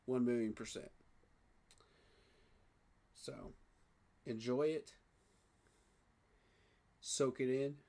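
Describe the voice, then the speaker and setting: A man talking excitedly in a casual fan reaction vlog, emotional and repeating himself. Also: medium pitch, extremely slow, long pauses. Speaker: sports fan vlogger.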